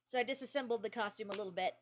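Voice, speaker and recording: A woman's voice: on the high side, rapid-fire, slight background noise. A young woman streamer chatting casually, giggling often and rambling through her stories. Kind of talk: casual chat.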